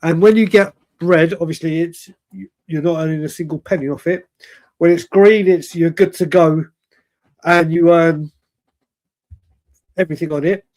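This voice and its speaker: Man, 40s, high voice, animated rambling storyteller for a fan chat show. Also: moderate pace, long pauses. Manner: rambling, animated, self-correcting.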